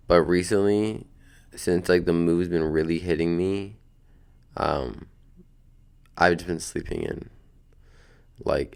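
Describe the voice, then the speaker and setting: A drowsy young man hosts his podcast from a beanbag at home, his deep voice grainy with vocal fry yet smooth and resonant. He rambles in a relaxed, slangy way, swearing casually as his thoughts drift. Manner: laid-back, slangy, meandering, cursing. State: sleepy, just woken up. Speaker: podcast host.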